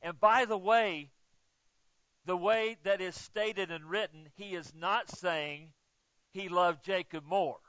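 A male pastor preaching a sermon, swinging between loud emphatic exclamations and hushed asides, and joking with the congregation. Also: high voice, slow, dry recording, highs cut off. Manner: jokes with the congregation.

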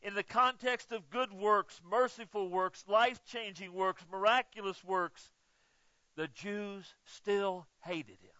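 High-pitched, bright-voiced man preaching. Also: fairly even intonation, takes it slowly, no echo, dull audio. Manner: dramatic swings from loud emphatic exclamations to hushed asides; jokes with the congregation. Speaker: pastor. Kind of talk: sermon.

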